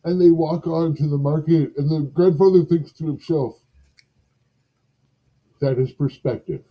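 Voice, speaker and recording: A man's voice: a little high, steady tone, normal speed, warm tone, poor audio. A man in a casual podcast conversation, musing and rambling as he tells a folktale, with self-deprecating asides.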